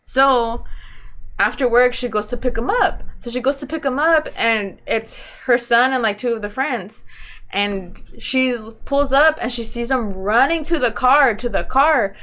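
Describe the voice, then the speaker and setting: Woman, podcast co-host, fairly high pitch, blunt, casual chat, drawn-out storytelling. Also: a bit bright.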